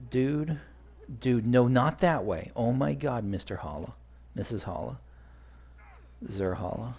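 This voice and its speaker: A man's voice: fairly low pitch, normal speed, a little mellow. A man rambling through casual gameplay commentary for a let's play, chatty and swearing when frustrated.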